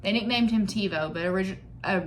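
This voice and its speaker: A woman's voice: medium pitch, quick pace, slight background noise. A young woman chatting casually while doing her makeup on camera, rambling, joking about herself and reading figures aloud from a screen. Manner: rambling, joking and self-mocking. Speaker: beauty vlogger.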